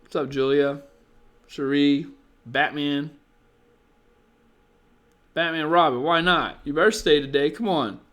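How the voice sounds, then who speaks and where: A man's voice: fairly high pitch, slow pace, long pauses, a bit bright. Tired, blunt man livestreaming casually. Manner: blunt, profane, rambling, chats with viewers. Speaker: livestream host giving dating advice. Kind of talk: casual live stream chat.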